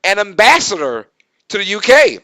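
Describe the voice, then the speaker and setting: A man hosting a casual live-stream sports talk show, excitable and repeating words for emphasis. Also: sits high, brisk, dry recording.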